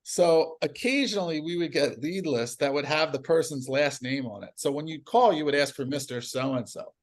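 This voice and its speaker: Man, podcast guest, casual storytelling, animated, laughs a lot, slightly high voice. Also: normal speed. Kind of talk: casual conversation.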